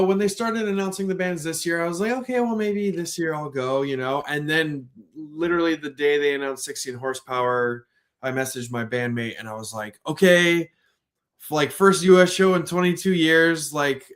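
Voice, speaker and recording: A musician from Portland joining a podcast as a guest, a man with a slightly raised pitch. He talks in a relaxed, casual way, padding his sentences with easygoing fillers. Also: moderate pace. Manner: relaxed, many "like" and "you know" fillers. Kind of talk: casual interview chat.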